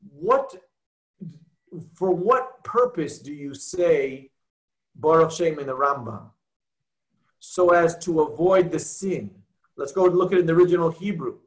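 A man with a high-pitched voice leads a text-study class, walking his students through a passage one step at a time. He reads Hebrew and Aramaic terms aloud and keeps asking the class whether they see the point. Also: low-quality recording. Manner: explains step by step, asks students questions. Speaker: teacher.

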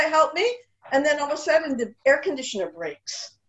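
A middle-aged woman with a high voice talks with animated, rambling warmth, often restarting her phrases. She is heard over a dull, lo-fi video call, and the audio has an echoey room sound. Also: fairly quick. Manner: animated, rambling with restarts, sprinkles Hebrew and Yiddish words. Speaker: speaker at a women's Torah class gathering. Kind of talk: casual heartfelt talk.

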